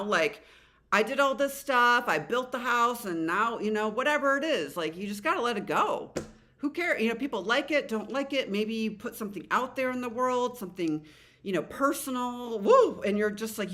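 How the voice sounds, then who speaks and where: A middle-aged woman giving a casual tarot reading, rambling with many fillers and restarts and casual swearing. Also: medium pitch. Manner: animated voices when quoting the cards. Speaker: tarot reader.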